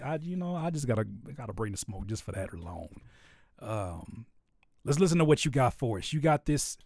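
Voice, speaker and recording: A man's voice: mid-range voice, no echo, clean studio sound. A man hosting a casual reaction show, hyped up, exclaiming and chanting along to beats. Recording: loud hip hop music playing behind. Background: loud hip hop music.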